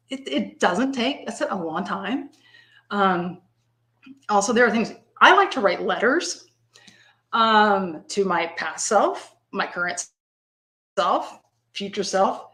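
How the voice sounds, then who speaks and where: A woman's voice: medium pitch, fairly bright tone. A woman in her fifties in casual live-stream podcast talk, rambling and conversational, often laughing. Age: 50s.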